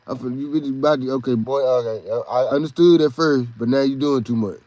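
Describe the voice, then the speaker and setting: A stern, fed-up father barking at his boy in a gruff, lowered voice, as a man with a Texan accent puts him on. The recording is dry and close. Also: fast talker, warm tone, no room sound, natural voice. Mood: scolding. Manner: gruff, scolding.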